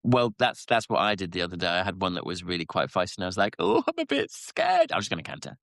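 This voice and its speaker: A man co-hosting a casual podcast chat, telling stories with halting restarts. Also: fairly bright tone, no room sound, clean studio sound. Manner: rambling storyteller, halting restarts, squeaky quoted voices. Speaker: podcast co-host.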